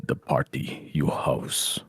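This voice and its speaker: A man voicing Isaac, a menacing towering male warrior, speaking slowly and bluntly in a low, threatening way. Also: dry recording, soft background music, natural voice.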